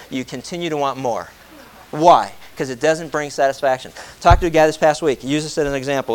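A man preaching a sermon, animated and joking, firing rhetorical questions at his congregation. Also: high voice, slight background noise. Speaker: pastor.

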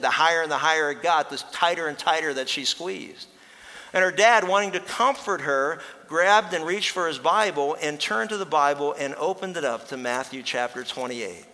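A man preaching a sermon with a bright, forceful voice that sits a little high for a man. He is earnest and slows down to stress key words. His voice carries a long reverb, like a church sanctuary. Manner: earnest preaching, slows for emphasis, rises to act out a story. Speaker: pastor.

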